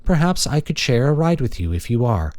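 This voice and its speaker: A man voicing a polite female maintenance robot with a warm, pleasant, literal-minded manner. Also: mid-range voice, sing-song, a little fast, no room sound, pitched above the performer's own voice, lightly acted. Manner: courteous and literal.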